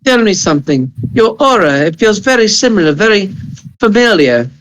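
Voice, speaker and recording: Man playing bloodthirsty girl spirit in a bottle, high voice, polite but gory, put-on accent. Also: very animated, moderate pace, a bit bright, rough recording. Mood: courteous, curious. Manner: formal and gleefully morbid.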